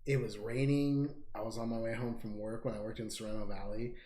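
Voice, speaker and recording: A young man co-hosting a casual podcast, laid-back and sweary, reacting quickly to his friend's story. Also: lowish voice, fairly even intonation, warm tone. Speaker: podcast co-host. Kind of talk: casual chat. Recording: roomy echoey room.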